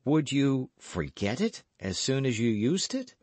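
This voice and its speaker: A man's voice: medium pitch, sing-song, a little slow, a little mellow, no room sound, voice pushed up. A man voicing an anxious, frightened young Frenchwoman in an audiobook reading, speaking urgently and pleadingly.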